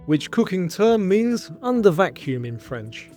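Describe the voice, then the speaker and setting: A man hosting a scripted quiz show, reading out questions and answer choices in a clear, measured way. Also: high-pitched, very animated, mellow, soft background music. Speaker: quiz host.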